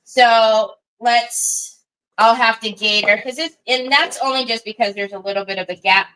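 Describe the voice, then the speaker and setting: A middle-aged woman hosting a craft livestream, chatting in a rambling way while she works and talking softly to a small child beside her. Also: fairly high pitch, steady tone, normal speed, smooth, rough recording. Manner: rambling, chatty storytelling with many asides; soothing baby talk to a small child. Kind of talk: casual chat while crafting.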